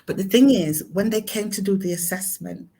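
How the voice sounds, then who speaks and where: A middle-aged woman telling a personal story in conversation, halting, with many fillers and restarts. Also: medium pitch, mellow. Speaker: guest, mother of a son with mental illness.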